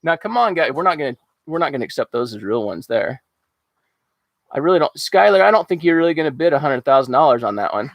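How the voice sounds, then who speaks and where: A man's voice: fairly high pitch, big pitch swings, fast talker, vocal fry, no echo. A man hosting a casual live-stream auction, talking in an upbeat, rambling way with lots of fillers. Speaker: livestream auction host. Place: outdoors at home after rain.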